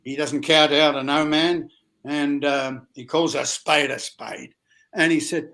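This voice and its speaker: An older man with an Australian accent, a guest actor telling lively anecdotes in an interview and acting out other people's voices. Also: fairly high pitch, measured pace, vocal fry.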